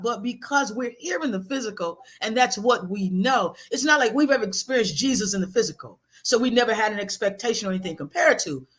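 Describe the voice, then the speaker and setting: A middle-aged woman telling personal stories as a guest author in an interview, animated and laughing often. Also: a little high.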